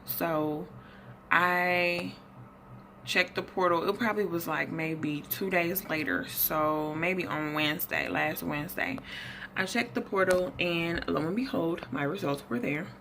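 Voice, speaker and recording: Low, gravelly-voiced woman vlogging casually. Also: a little hiss or hum. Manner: rambling, self-correcting, animated retelling. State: slightly out of breath. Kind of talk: casual health update vlog. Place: at her desk indoors.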